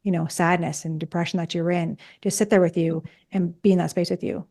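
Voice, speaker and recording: Quick-talking woman psychologist in her forties. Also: fairly low pitch. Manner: quick, animated, acts out quoted dialogue. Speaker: psychologist and podcast co-host. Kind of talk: casual podcast conversation.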